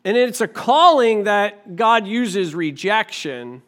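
A man preaching to his congregation in a church. His voice sits high for a man. He talks in a relaxed, conversational way and pulls the listeners in with questions. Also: slow, few pauses. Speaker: pastor. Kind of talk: sermon.

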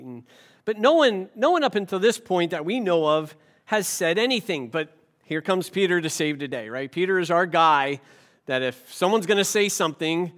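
A man delivers a sermon in a slightly higher-than-usual voice. He talks in an easy, conversational way and turns to the congregation with rhetorical asides. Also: animated, moderate pace, a bit bright. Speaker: pastor.

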